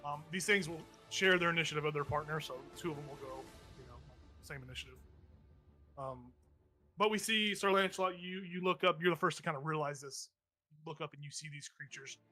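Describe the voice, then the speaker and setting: A man's voice: fairly high pitch, brisk, sharp tone, soft background music. A man running a tabletop game as game master, talking loosely and thinking aloud over the rules.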